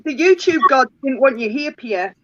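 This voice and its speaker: Bright woman on a dull lo-fi line. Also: high voice, animated, normal speed, dry recording. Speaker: co-host. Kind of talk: casual chat. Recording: dull lo-fi call audio.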